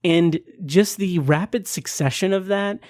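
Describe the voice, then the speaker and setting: A man's voice: sits high, unhurried, a little mellow, no echo, clean studio sound. Teary, emotional man hosting a podcast. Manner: emotional, gushing, many fillers. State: teary-eyed, holding back tears. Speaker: podcast host reviewing an episode. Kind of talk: casual spoken review.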